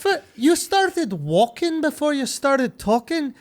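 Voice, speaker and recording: A woman's voice: sits high, big pitch swings, slow pace, pitched above the performer's own voice, full character voice. A man voicing his own older mother, chatty and amused as she recalls his childhood. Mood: amused recollection.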